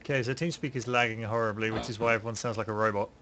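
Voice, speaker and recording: A man's voice: on the low side, steady tone, very fast, background noise. A man in casual gaming voice chat who explains things in a dry, matter-of-fact way. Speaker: gamer in squad voice chat.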